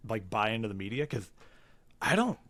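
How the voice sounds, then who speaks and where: A man's voice: lowish voice, big pitch swings, moderate pace, a bit bright, dry recording. A man co-hosting a comedy podcast in easygoing casual chat, laughing often. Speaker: podcast co-host.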